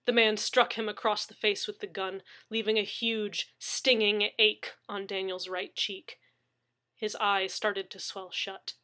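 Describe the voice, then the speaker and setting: Female story reader, slow dramatic narration, bright tone. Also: medium pitch, flat delivery. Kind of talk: reading a sci-fi story aloud.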